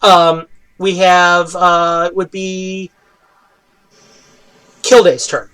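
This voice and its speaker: A man running a tabletop game as game master, narrating action with frequent pauses and fillers. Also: sits high, flat delivery, a bit bright, clear, resonant tone. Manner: halting, with many fillers.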